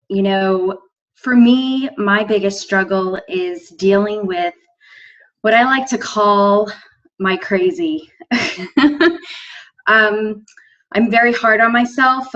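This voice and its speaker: A woman's voice: medium pitch, a bit bright, highs cut off. A woman in her forties, a team coach, sharing earnestly and with emotion on a team conference call. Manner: emotional, earnest, laughs between thoughts. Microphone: phone on a call.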